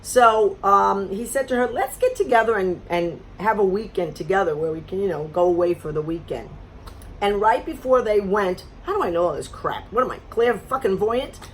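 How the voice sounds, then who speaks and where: A woman's voice: medium pitch, animated, moderate pace, a little hiss or hum. A middle-aged woman from Florida telling a dating story in an exasperated, sarcastic casual rant. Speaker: vlogger.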